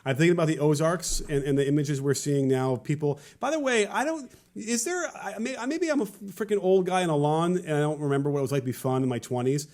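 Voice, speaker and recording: A man's voice: fairly high pitch, fast talker, few pauses, a little mellow. A man co-hosting a casual political podcast, musing wryly and repeating words as he thinks. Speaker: podcast co-host.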